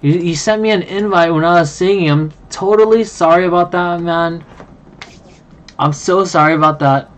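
A card game streamer chatting casually on a live stream, excitable and quick to apologize to viewers. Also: medium pitch. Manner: excitable, apologetic, talks to chat.

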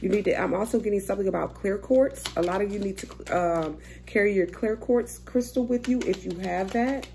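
A woman's voice: medium pitch, brisk, hardly any pauses, dark tone, slight background noise. A young woman doing a casual, chatty tarot reading, swearing freely and thinking aloud as she turns cards. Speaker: tarot reader.

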